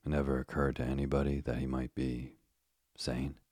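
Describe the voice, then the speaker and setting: Poirot, a quiet, evasive detective, read by a man. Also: a bass voice, monotone, moderate pace, no echo, studio quality. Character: quiet, reserved male detective.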